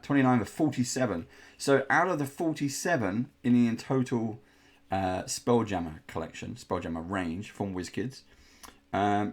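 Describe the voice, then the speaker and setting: A man hosting a casual unboxing indoors, chatty and rambling, with playful groans of disgust. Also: on the low side. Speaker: host unboxing miniatures.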